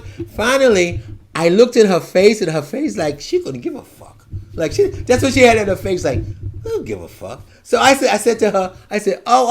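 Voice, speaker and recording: A man in his seventies rants his way through a vlog monologue, his voice sitting high and swooping all over the place. He drifts from topic to topic, dropping to quiet mutters before bursting out loud again. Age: 70s. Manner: ranting, digressive, swings from soft asides to loud outbursts. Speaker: vlogger. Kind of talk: rambling monologue to camera.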